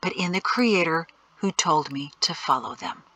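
A woman reading aloud voices a gentle, faithful father who reassures his son quietly. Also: on the high side, moderate pace, no echo, low-quality recording. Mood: gentle whisper. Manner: soft, reassuring, whispering.

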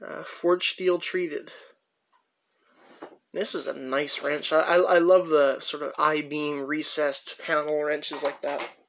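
A man with a slightly high, gravelly voice talks through his collection at an easy pace. He rambles casually and pauses often as he picks up each piece. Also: level tone, fairly bright tone, slight background noise. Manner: rambling, chatty, many "uh" pauses while handling tools. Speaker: tool collector showing his finds. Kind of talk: casual show-and-tell narration.

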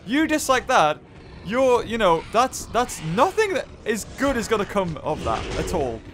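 Man, nasal voice, high and lively pitch, tired gaming commentary, music underneath. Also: unhurried. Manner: animated, chatty, ranting. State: short on sleep. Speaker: gaming channel host.

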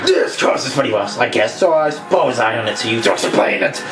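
A man's voice: mid-range voice, animated, fairly quick, roomy sound, music in the background, voice pushed down, close to an everyday voice. A man voicing a gloating evil spirit trapped in a box, taunting and cackling as he reads game dialogue aloud. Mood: mocking.

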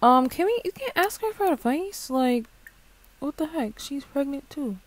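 A woman's voice: high voice, very animated, moderate pace. A young woman hosting a gaming channel, chatting casually and reacting as she plays a life-sim game, swearing now and then. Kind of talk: casual let's play commentary.

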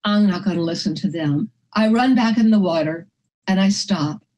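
A woman's voice: on the low side, moderate pace, darkish tone, dull audio. An older woman telling a personal story vividly, acting out the dialogue.

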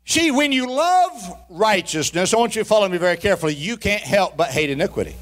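A man with a strikingly high voice preaches in a church sanctuary. He moves between slow, drawn-out emphasis and shouted peaks, calling for responses from the congregation. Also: animated. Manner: folksy, humorous asides to the congregation. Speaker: pastor. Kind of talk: sermon.

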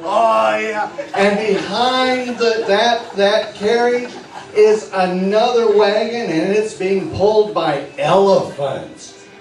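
A man working as a stage hypnotist, guiding volunteers through suggestions with slow, coaxing, playful patter. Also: high-pitched. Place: party venue with audience. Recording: echoey room from far off, faint music.

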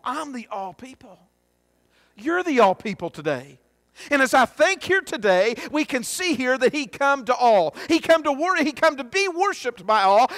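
A man's voice: very high voice, fairly bright tone, no room sound. A man. His delivery is folksy and earnest, full of restarts and asides. The sound is dry and close. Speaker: pastor. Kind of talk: sermon and prayer. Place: church sanctuary.

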